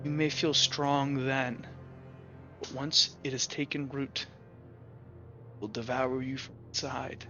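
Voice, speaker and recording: Man GM doing a hushed feline dad, stern yet kind, solemn and slow, bright tone, muffled lo-fi audio. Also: mid-range voice, faint music behind. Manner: quiet, solemn, measured fatherly counsel. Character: stern but gentle cat-folk father, middle-aged.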